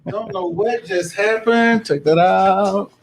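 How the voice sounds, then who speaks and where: A man co-hosting a casual show, joking and teasing in an animated way. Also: sits high, takes it slowly, a little hiss or hum. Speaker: co-host. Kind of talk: casual comedic chat.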